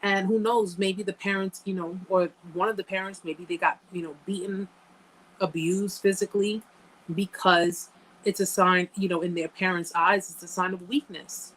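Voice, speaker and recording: A woman's voice: medium pitch, fairly even intonation, moderate pace, fairly bright tone, poor audio. A woman hosting a live-stream chat, talking earnestly and emphatically straight to her viewers. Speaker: host answering live chat.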